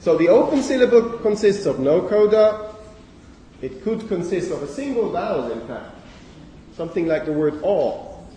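A man giving a university lecture on phonology in a lecture hall, speaking haltingly with many fillers and self-corrections. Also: high voice, big pitch swings, warm tone, a little hiss or hum. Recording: echoey lecture hall from far off.

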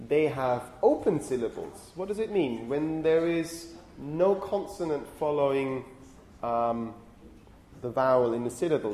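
A male university lecturer explains phonetics, often pausing to check in with "okay?". His voice sits a little high but sounds warm and mellow. The recording carries room echo and a faint hum of ambience. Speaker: linguistics lecturer.

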